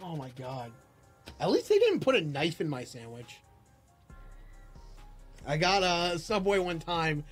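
A young man on a livestream tells a story with a very lively, swooping pitch. He acts out every character himself, jumping to near-shouts of disbelief and dropping to a low mutter. Faint music plays under his voice. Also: a little slow, long pauses, husky. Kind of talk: animated storytelling chat.

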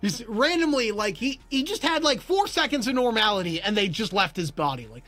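A young man livestreaming, telling a story in animated chat and acting out both sides with bursts of disbelief. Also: high voice, brisk. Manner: acts out both sides of a story, rising to near-shouts in disbelief.

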